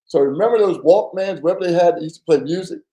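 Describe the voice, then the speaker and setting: A man telling a story as a podcast guest, animated and acting out the voices of people in it, often stammering and repeating words. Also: high voice, quick pace, echoey room, poor audio. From New Jersey. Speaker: podcast guest, former undercover FBI agent. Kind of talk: casual storytelling.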